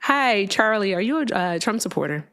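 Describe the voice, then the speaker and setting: A woman's voice: medium pitch, big pitch swings, normal speed, fairly bright tone, slight background noise. A woman hosting a live call-in stream, talking casually with a sarcastic, chatty manner and lots of fillers. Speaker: livestream host.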